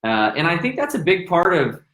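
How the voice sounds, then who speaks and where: A man's voice: on the high side, big pitch swings, brisk, a bit bright. A man hosting a podcast, talking in a reflective, musing way in casual conversation. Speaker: podcast host. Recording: roomy echo.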